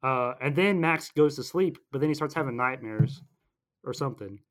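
A young man casually recapping a film, rambling and playful, slipping into quick silly voices for the characters. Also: medium pitch, animated. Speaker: movie recap podcaster.

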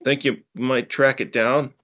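A man's voice: medium pitch, little pitch movement, a little slow, fairly bright tone, close to an everyday voice. A man voicing a tough, sarcastic teenage boy in a story he reads aloud, in a voice close to his own. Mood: gruff. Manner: sarcastic, gruff.

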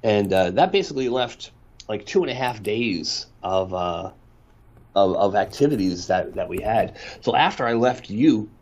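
A man's voice: fairly low pitch, expressive, normal speed, darkish tone. A middle-aged man co-hosting a podcast, chatting casually and telling rambling stories with wry complaints, a bit worn down by allergies. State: congested from allergies. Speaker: podcast co-host.

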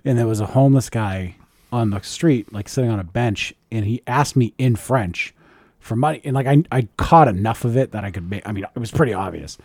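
A co-host chats casually, telling lively, joking stories full of swearing and laughter. His medium-pitched voice is slightly rough and a little fast, captured in a dry, clean studio recording.

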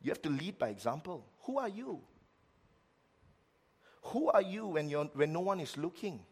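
A middle-aged man preaching a sermon as pastor, with lively swings between loud, emphatic lines and quiet ones. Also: on the high side, normal speed, breathy edge.

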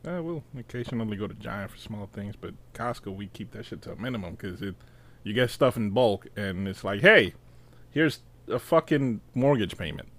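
A man's voice: fairly low pitch, fairly quick. A man in casual podcast chat, laid-back and dry, swearing casually.

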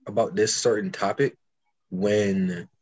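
A young man co-hosting a podcast, telling stories in casual chat with fast bursts and frequent restarts. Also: fairly low pitch, fairly even intonation, a little mellow, muffled recording. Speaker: podcast co-host.

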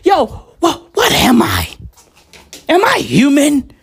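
A man ranting casually and profanely, rambling and excitable, with sudden shouts. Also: very high voice, slow, gravelly.

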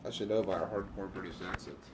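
A man's voice: low-pitched, fairly even intonation, fast talker. A man co-hosting a comedy podcast, bantering crudely and laughing often, recorded with a noisy background. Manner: laughing, rowdy, swinging into mock voices. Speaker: podcast co-host.

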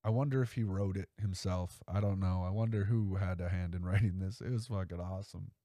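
A man's voice: low voice, steady tone, a little fast, warm tone, dry recording, clean studio sound. A man hosting a podcast in a casual, rambling way, swearing freely and leaning on "like" and "you know". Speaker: podcast host. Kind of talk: casual chat.

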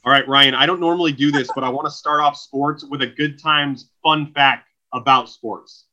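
A man's voice: medium pitch, steady tone, moderate pace, sharp tone, lo-fi sound. A man from Oregon co-hosting a comedy podcast, joking, teasing and telling stories in a casual chat. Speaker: podcast co-host.

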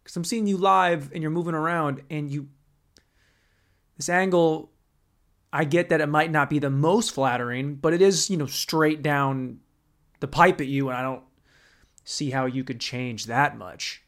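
A man's voice: on the high side, unhurried, pauses often, fairly bright tone. A young man hosting a podcast, ranting in a crude, sarcastic, rambling comedic style. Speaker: podcast host. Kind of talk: comedic rant.

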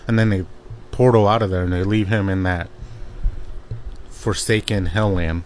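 A man's voice: sits low, fairly even intonation, moderate pace, long pauses, a little mellow, slight background noise. A man casually recapping a comic book plot, rambling with lots of fillers and restarts.

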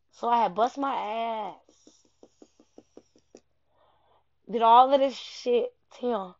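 Animated young woman telling a story. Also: on the high side, no echo. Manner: animated, profane, rambling. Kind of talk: casual personal anecdote. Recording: dull lo-fi dry recording.

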